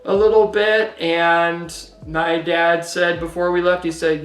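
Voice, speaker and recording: A man's voice: on the high side, measured pace, few pauses, far from the mic, soft background music. Man telling a story, roomy room. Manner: relaxed storytelling, many "you know" fillers. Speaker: co-host, husband. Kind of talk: casual podcast-style testimony. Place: home.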